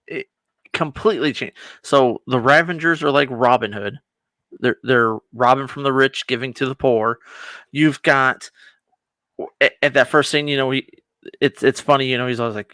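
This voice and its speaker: Brief: man, bright and sharp tone, animated co-host, dry close sound. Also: mid-range voice, normal speed, no room sound. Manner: animated, acts out scenes. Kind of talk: casual reaction chat.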